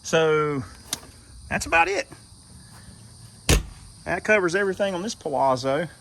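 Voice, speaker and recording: A man's voice: fairly high pitch, huge pitch swings, a little slow, creaky, background noise. A middle-aged man casually rambling through a walk-through of his RV, recorded on a phone outdoors at a campsite at night. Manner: rambling and folksy, with frequent fillers. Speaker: RV owner vlogger. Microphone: handheld phone. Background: crickets and insects.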